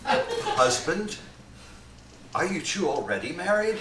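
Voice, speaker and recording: A man plays a fussy, preachy pastor who can barely see, hesitating and fretting as he speaks. His voice sits a bit high and is heard from far back in an echoey theatre. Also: big pitch swings, slow. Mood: prim. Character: nearly blind, pious, fussy male pastor. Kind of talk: live stage comedy acting. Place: community theatre stage. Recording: echoey hall, far from mic, noise.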